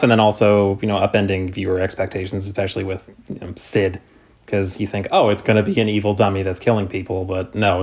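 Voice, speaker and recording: A man's voice: deep voice, a little mellow. A man co-hosting a casual podcast chat, dry and thoughtful. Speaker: podcast co-host.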